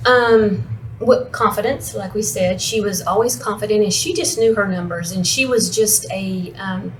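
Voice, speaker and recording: A woman's voice: medium pitch, normal speed, poor audio. Woman talking shop on a podcast, earnest, keeps restarting words, faint noise behind. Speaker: operations controller, interview guest. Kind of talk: casual interview chat.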